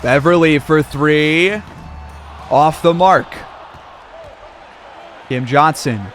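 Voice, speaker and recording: A man's voice: on the high side, very slow, a bit bright, faint music behind. A man calling a simulated basketball game play-by-play like a sportscaster, with casual asides. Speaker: gaming video creator.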